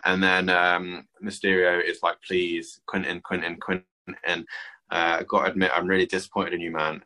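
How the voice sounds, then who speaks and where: A man's voice: sits low, poor audio. A man casually walking through a comic book plot on a podcast, with frequent ums and read-out lines. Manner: relaxed, summarizing with filler ums.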